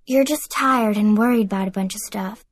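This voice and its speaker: A woman's voice: medium pitch, moderate pace, slightly rough, no room sound, natural voice. A woman reading an audiobook, voicing a cheerful teenage girl with a twang who talks in a reassuring way. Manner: warm, reassuring. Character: friendly cheerful teen girl, best friend.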